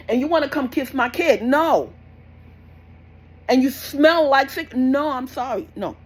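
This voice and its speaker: High-pitched and husky, this young woman's voice comes through a low-quality recording. A parenting vlogger, she scolds bluntly in a casual rant, going over the same advice again and again.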